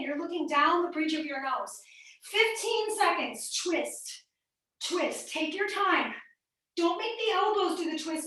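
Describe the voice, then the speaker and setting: This woman's extremely high voice sounds pushed and bright as she leads a live online fitness class. Upbeat, she counts reps and coaches form, recorded in an echoey room with the mic set at a distance.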